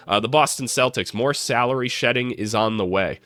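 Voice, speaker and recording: A man who hosts a basketball channel, talking casually and jokingly about games in a hoarse, sick voice, cursing freely. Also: lowish voice, big pitch swings, a little fast, a bit bright, soft background music. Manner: joking, profane, self-deprecating. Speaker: basketball commentary channel host. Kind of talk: casual sports commentary.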